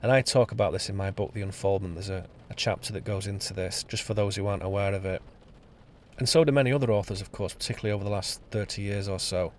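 A man's voice: lowish voice, fast. A man giving an improvised spoken-word essay on his podcast, emphatic and sardonic, hammering out lists word by word. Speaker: podcast host and author. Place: on location.

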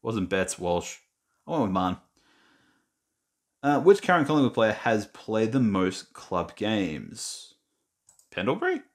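Low-voiced Australian guy muttering. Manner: mutters and reads quiz questions aloud, self-mocking. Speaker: gaming vlogger. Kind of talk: casual screen-recorded commentary.

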